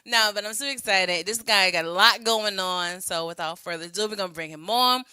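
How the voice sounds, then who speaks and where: Bright, upbeat woman co-hosting. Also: medium pitch, a little fast, clean tone, dry recording. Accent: New York area. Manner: upbeat, playful, laughs often. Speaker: co-host. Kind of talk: casual podcast chat.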